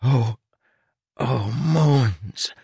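A man's voice: fairly low pitch, moderate pace, dry recording, clean studio sound, voice pushed up, close to an everyday voice. A man voicing a young woman who is anxious but determined, speaking with earnest urgency. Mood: alarmed.

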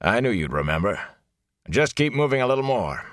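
A man reading an audiobook, voicing a harsh older male wilderness guide who shouts and scorns the tired travellers he drives on. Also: mid-range voice, very animated, a little fast, dry recording, clean studio sound, voice pushed up. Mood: taunting harsh.

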